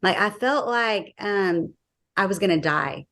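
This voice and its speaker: A woman's voice: mid-range voice, measured pace. Woman telling her faith testimony. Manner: animated retelling, acting out quoted dialogue, frequent fillers. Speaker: guest sharing her testimony. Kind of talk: personal faith testimony, conversational storytelling.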